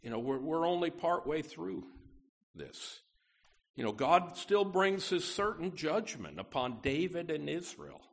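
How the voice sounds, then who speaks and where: A man's voice: on the high side, sing-song, a little slow, gravelly. Folksy conversational preacher, a man. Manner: folksy, peppered with asides, emphatic on key words. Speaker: pastor. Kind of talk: conversational sermon.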